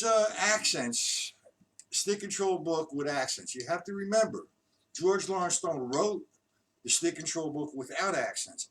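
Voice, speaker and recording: A man teaching drums in a live stream, counting beats aloud in a loose, chatty way. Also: on the high side. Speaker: drum instructor. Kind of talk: live-streamed drum lesson. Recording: distant mic, loud background noise.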